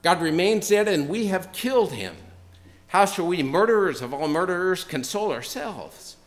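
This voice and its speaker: A man's voice: sits high, expressive, moderate pace, pitched above the performer's own voice. A man playing a frantic, anguished madman. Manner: declaiming, impassioned, raised voice. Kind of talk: dramatic reading within a sermon.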